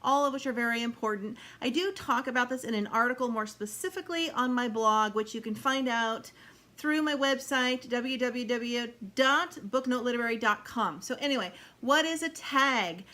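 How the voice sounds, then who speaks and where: A woman's voice: a little high, normal speed, bright, forceful tone. A woman giving a chatty video lesson on fiction writing, acting out example lines of dialogue and laughing now and then. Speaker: writing instructor. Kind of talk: explanatory video talk.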